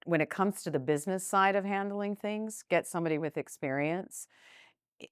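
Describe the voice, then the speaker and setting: A woman's voice: sits low, clear, resonant tone, no echo, clean studio sound. A woman who owns a small business, talking frankly and animatedly in a casual interview and using fillers like "like" and "you know". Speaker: business owner, interview guest.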